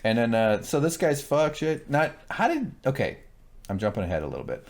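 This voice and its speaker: A man's voice: medium pitch, brisk. A man co-hosting a casual shot-by-shot recap, joking, swearing and mimicking characters as he talks. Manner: animated, joking, voices characters mid-sentence, profane. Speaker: podcast co-host.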